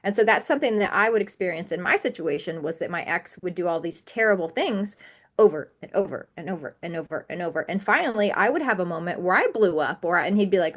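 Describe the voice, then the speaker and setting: A woman's voice: on the low side, expressive, fast talker, a bit bright. A woman talking as a podcast guest in a candid interview, earnest and emphatic, piling up repetitions.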